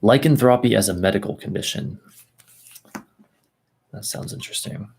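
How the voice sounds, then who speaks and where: A man's voice: on the low side, normal speed, vocal fry, a little mellow, breathy edge. A man reading a text aloud at an easy pace, stopping for asides and second tries at hard names. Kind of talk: casual reading and commentary.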